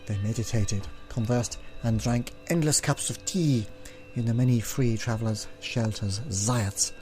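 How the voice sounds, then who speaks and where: Let's-play host reading a text game aloud, mellow low voice, clears his throat often, faint music behind. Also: unhurried. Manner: frequent throat clearing, offhand asides.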